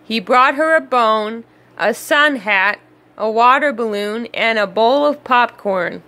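A woman reading a children's storybook aloud in an expressive, unhurried way. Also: fairly high pitch. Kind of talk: read-aloud storybook narration.

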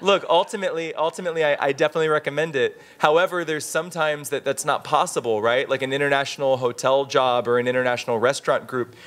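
A man speaking on a conference panel in a casual, animated way, with frequent restarts and fillers. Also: mid-range voice.

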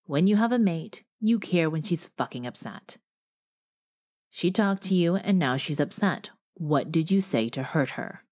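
A woman's voice: deep voice, animated, measured pace, darkish tone. A woman voicing a brash, hot-tempered young male bear shifter who talks bluntly and swears, in an audiobook. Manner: blunt and profane.

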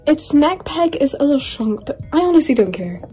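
A woman's voice: sits high, very animated, fairly quick, mellow, faint music behind. A young woman from the UK, chatting in a gushing, rambling way while unboxing toys, with squeals and laughs. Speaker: toy collector vlogger. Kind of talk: excited unboxing chat.

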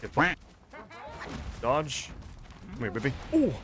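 Excitable young man streaming a game. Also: medium pitch, normal speed. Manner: excitable, swearing, shouting reactions. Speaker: gaming streamer. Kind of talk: let's play commentary. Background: game music.

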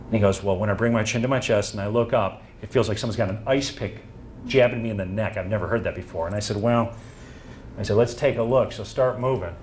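His voice is lowish and a little mellow, moving quickly, as he addresses a room with medical cases, acting out what patients and doctors said to him. Slight background noise can be heard.

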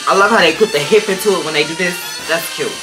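A man's voice: fairly high pitch, fast. A man gives sassy, emphatic reaction commentary while reviewing a dance team's performance. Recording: voice over loud band music.

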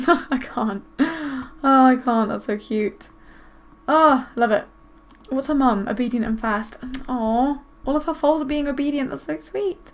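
A woman giving casual gameplay commentary, excitable and gushing over what happens in her game. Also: high-pitched, normal speed. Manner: excitable, gushing, squeals with delight. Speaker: gaming video host.

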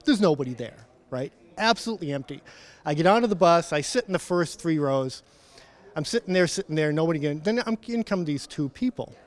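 A middle-aged man, a principal engineer at a conference, telling an animated story and acting out the dialogue. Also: fairly high pitch, brisk. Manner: animated anecdote-telling, acts out quoted dialogue. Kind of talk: storytelling in an event interview. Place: conference floor.

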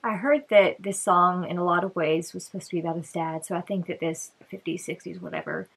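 A woman's voice: on the low side, fairly quick, vocal fry, over music. A woman hosting a casual reaction video, chatting and thinking aloud, often restarting and trailing off.

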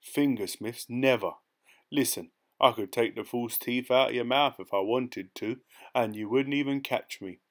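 A man's voice: mid-range voice, measured pace, natural voice. Man doing a cocky pickpocket. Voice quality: cocky, streetwise. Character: sly, boastful male pickpocket hitch-hiker.

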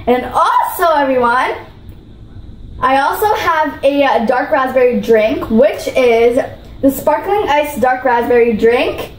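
A high-voiced woman gushes over food in an excitable vlog, bubbly and repeating her praise. Her voice rings in an echoey room, with a faint hiss behind it. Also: takes it slowly. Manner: bubbly, gushing, repeats herself. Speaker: vlogger.

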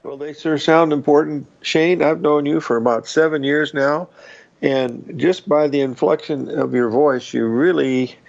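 A man hosting a live finance show, praising his guest with drawn-out fillers. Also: a little high, gravelly, dull audio. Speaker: show host.

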